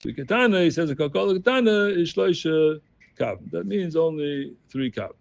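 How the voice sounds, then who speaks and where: Talmud teacher, male, gravelly voice, sing-song chanting of the text, dry close sound. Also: fairly high pitch, expressive, a little fast, no echo. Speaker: Talmud study group leader.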